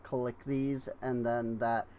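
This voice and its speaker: A man streaming a game, rambling slowly with lots of fillers and yawning as he plays. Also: mid-range voice, flat delivery, darkish tone, slight background noise. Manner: rambling, unhurried, many fillers and trailing thoughts. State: yawning, tired. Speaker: gaming streamer. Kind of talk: casual let's-play commentary.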